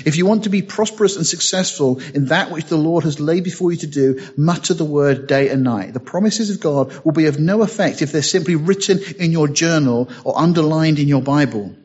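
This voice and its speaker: Male preacher, husky and a touch high-pitched, reads scripture and builds to emphatic peaks; muffled lo-fi recording. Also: a little mellow. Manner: reads scripture aloud, rising to emphatic bursts. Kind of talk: sermon.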